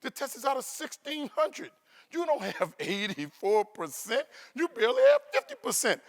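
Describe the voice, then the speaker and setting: A woman's voice: high voice, wildly swooping pitch, normal speed, voice pushed up, full character voice. A man quoting a blunt, no-nonsense woman school counselor in his own voice, raised a little. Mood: scolding. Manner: blunt, scolding.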